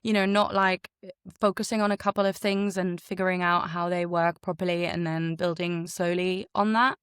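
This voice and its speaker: A woman voice actor, by birth, talking in a chatty, animated way in a casual interview. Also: lowish voice, moderate pace, clear, resonant tone, no echo, studio quality. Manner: chatty and animated, laughs often. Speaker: voice actor guest.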